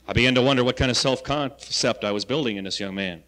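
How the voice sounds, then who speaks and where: A man's voice: mid-range voice, fast, hardly any pauses, fairly bright tone. A man giving an anecdotal lecture to students as a health education coordinator, asking rhetorical questions and telling folksy stories. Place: lecture hall. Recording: reverberant hall, 1970 archive recording.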